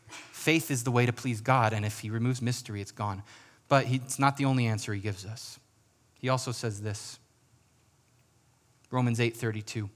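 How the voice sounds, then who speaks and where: A man preaching a sermon as pastor in a church, earnest, with slow emphatic rises and soft, quiet drops. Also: medium pitch. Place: church sanctuary.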